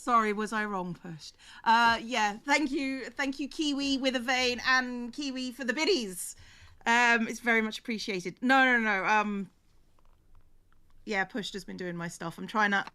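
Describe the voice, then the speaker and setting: A woman's voice: fairly high pitch, sharp tone, smooth. A woman with an accent close to received pronunciation, chatting casually on a livestream, laughing often and thanking viewers. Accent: near received pronunciation English. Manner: giggly, quick to laugh. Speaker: streamer and co-host.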